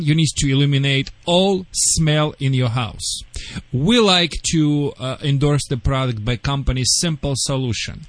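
A man who is not a native English speaker gives radio call-in advice as a dog trainer, with a fairly high voice. He talks in broken English and lays out emphatic step-by-step instructions. The sound is dry and close, with no room behind it. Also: no room sound.

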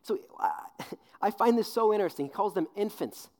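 A man in his twenties preaching a sermon, telling an animated story with acted-out voices, then dropping low and earnest on serious points. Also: brisk. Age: 20s. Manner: animated storyteller, acts out voices with big pitch jumps. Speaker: youth pastor.

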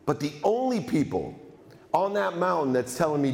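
A man giving a motivational keynote speech, energetic and emphatic, often repeating phrases for effect. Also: fairly high pitch, normal speed, gravelly. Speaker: motivational speaker. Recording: reverberant hall.

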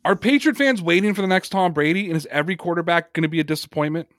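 A man co-hosting a casual sports podcast, talking in an animated, emphatic way and reading chat comments aloud. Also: fairly high pitch, racing, no echo, studio quality. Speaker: podcast co-host.

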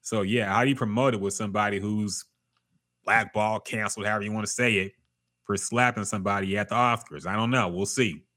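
A man with a slightly low voice co-hosts a laid-back podcast, talking bluntly and swearing freely as he reacts to clips. His delivery is loose and conversational. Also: fairly even intonation, quick pace, pushed and bright. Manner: profane, blunt, laughing commentary. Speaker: podcast co-host. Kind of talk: casual reaction chat.

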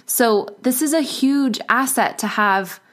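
A woman who hosts a podcast as a postpartum coach, talking in an effusive, warm way in a casual interview. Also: on the high side, slow. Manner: warm, effusive, gets emotional.

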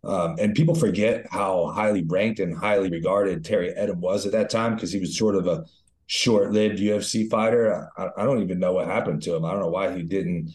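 A man with a very deep voice chats in a laid-back, enthusiastic way, dropping the odd swear word. His voice bounces around a roomy, echoey space, like an untreated room. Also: fairly even intonation, brisk, darkish tone. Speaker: co-host, retired fighter. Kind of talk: casual podcast chat. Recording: roomy echo.

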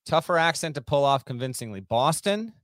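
A man's voice: a little high, expressive, a bit bright, no room sound, studio quality. A man co-hosting a sports podcast, joking and bantering casually. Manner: playful, joking, quick banter. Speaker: podcast co-host.

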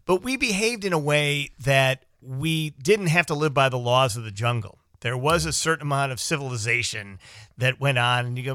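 A man's voice: mid-range voice, big pitch swings, brisk, pushed and bright, dry recording, clean studio sound. A man co-hosting a talk show, telling rambling, wry stories in casual chat. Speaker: co-host.

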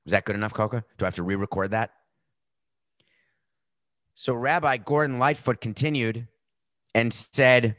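A man's voice: medium pitch, normal speed, fairly bright tone, no echo. A middle-aged man hosting a podcast, giving blunt, sarcastic opinion commentary. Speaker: podcast host.

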